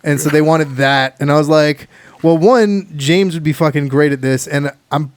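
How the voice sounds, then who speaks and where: A man's voice: on the high side, normal speed, clean tone. A man from Hawaii hosting a podcast, chatting casually and rambling with many restarts. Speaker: podcast host.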